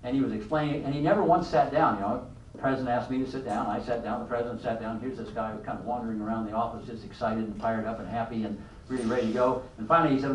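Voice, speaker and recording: An older man giving a motivational leadership talk to a live audience, an animated storyteller who keeps asking the room questions. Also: mid-range voice, rapid-fire, reverberant, distant mic, slight background noise, rough recording. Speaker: leadership speaker.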